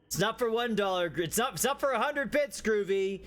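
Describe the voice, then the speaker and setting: A young man streaming a game live, chatting to his viewers in an excitable way, swearing often and laughing a lot. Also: high-pitched, fairly quick. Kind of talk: casual live-stream chat.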